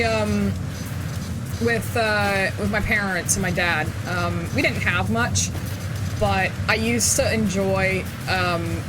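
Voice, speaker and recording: An English woman streaming a game, bubbly and jokey, exclaiming often as she plays. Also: medium pitch. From England. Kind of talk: casual gaming stream commentary.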